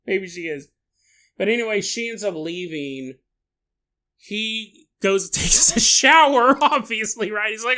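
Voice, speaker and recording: The storytelling here is relaxed and unhurried: a podcast host with an expressive, medium-pitched, slightly bright voice laughs often. For the people in the tale, the host adopts silly voices and mock outrage as comic asides.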